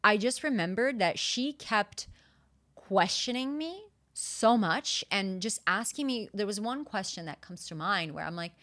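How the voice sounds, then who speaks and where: A woman hosting a solo podcast, retelling a personal story in an animated, casual way, with lots of fillers and the odd swear word. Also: medium pitch, a little slow. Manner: casual, uses profanity. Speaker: podcast host.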